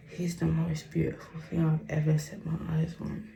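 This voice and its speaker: A young woman, talking openly in a confessional vlog, often dropping to a whisper and then rising loud and quick. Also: low voice, monotone, vocal fry. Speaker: vlogger.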